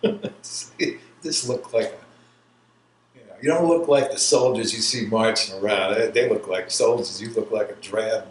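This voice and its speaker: A fairly low-pitched army veteran in his sixties from New York rambles and laughs while telling his life story in an oral history interview. The recording sounds roomy, with a faint hiss in the background.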